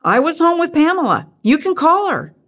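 A woman's voice: extremely high pitch, sing-song, normal speed, fairly bright tone, voice pushed up, exaggerated voice. Folksy handyman played by a woman, indignant, emphatic, middle-aged, storybook reading.

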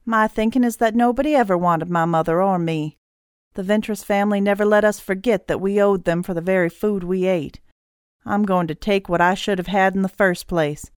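A woman's voice: mid-range voice, fairly quick, smooth, dry recording, studio quality, natural voice. A woman reading an audiobook voices a ruthless, scheming male killer who talks in a cold, gloating way. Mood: resentful.

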